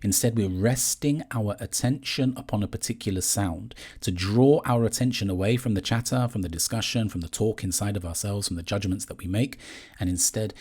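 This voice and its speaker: A man calmly explaining a meditation practice step by step, in a measured teaching manner. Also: lowish voice, husky. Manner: calm, measured, gently explaining. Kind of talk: guided instruction on meditation.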